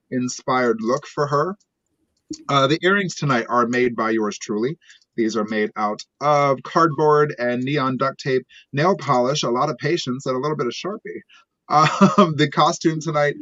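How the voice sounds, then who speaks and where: A man's voice: medium pitch, fairly bright tone, no room sound, dull audio. A man in drag talks with camp and playful teasing as he co-hosts a live stream. The audio is dry and close, dulled like a webcam call. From South Central Pennsylvania, USA. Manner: playful and campy, teasing the others. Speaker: drag queen co-host. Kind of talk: casual live-stream chat.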